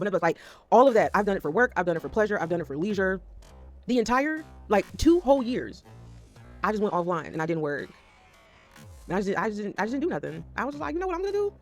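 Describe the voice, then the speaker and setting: A woman talking casually to camera as a vlogger, rambling and swearing as she jumps between topics. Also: mid-range voice.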